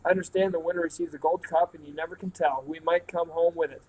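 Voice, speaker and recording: An old country grandpa full of schemes and excitement, talking in a folksy, eager way, pitched a little high, as a man reading aloud puts him on. it sounds like a storybook read at home. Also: fast, a little hiss or hum, natural voice, poor audio. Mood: earnest. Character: excited old grandfather, storekeeper, shrewd dealer.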